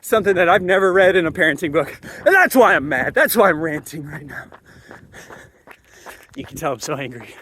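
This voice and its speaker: Male commentator, high-pitched, animated and emphatic solo monologue. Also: brisk, pauses often, slight background noise. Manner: animated, emphatic, repeats phrases for effect. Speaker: parenting commentator. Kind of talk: solo ranting monologue to camera.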